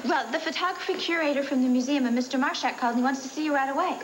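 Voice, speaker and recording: A persuasive young woman hurrying her lover along, coaxing and quick, played by an actress. Her high voice comes through a noisy broadcast recording. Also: natural voice. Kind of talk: 1980s TV soap acting.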